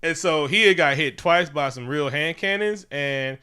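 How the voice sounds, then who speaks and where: A man co-hosting a laid-back movie review podcast, talking in a bright, crisp voice. He retells scenes in an animated way, jumping into exaggerated character voices. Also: a little high, moderate pace. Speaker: podcast co-host. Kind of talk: casual movie review chat.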